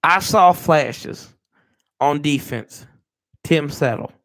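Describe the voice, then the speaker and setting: A man's voice: a little high, takes it slowly, fairly bright tone. A man hosting a sports fan show, ranting with fired-up, profane energy and talking to viewers as y'all. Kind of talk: live-stream rant.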